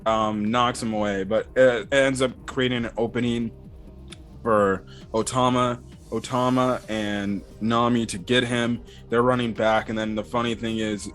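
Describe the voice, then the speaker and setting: A man's voice: fairly low pitch, steady tone, unhurried. Rambling young man recapping an episode. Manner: rambling, lots of filler words. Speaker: anime episode reviewer. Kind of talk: casual commentary. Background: faint background music.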